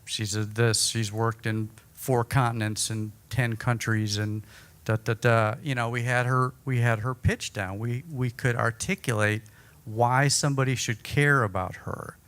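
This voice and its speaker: Man, conference workshop speaker, energetic, chatty, self-deprecating. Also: mid-range voice, measured pace, clean tone. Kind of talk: conference breakout talk. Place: conference room.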